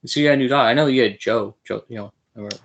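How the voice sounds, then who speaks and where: Eager young podcast host. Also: male voice, medium pitch, very fast, dull audio. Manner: playful, eager, laughs often. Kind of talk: casual interview chat.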